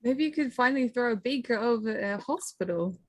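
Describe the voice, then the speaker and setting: A woman's voice: on the high side, lively intonation, fairly quick, darkish tone, no room sound. Giggly woman player, playful chat, dry sound. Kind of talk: casual chat in a tabletop game.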